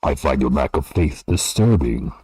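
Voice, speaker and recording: Man imitating a cold menacing space overlord, very deep voice, breathy rasp, slow heavy menace, dry close sound, film villain. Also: animated, a little mellow, no echo, exaggerated voice. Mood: ominous. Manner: slow, heavy, ominous delivery.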